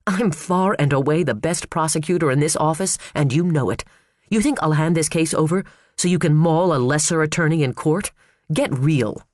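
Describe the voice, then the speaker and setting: A man voicing a sharp, fierce female prosecutor with a curt, cutting manner, in an audiobook. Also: fairly high pitch, moderate pace, no echo, clean studio sound, natural voice. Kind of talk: audiobook character voice.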